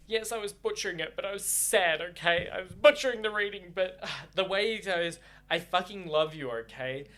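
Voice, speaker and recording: A man's voice: high-pitched, brisk, hardly any pauses, fairly bright tone. A young man reading a novel aloud and reacting to it, effusive and rambling, with plenty of swearing. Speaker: book reaction vlogger.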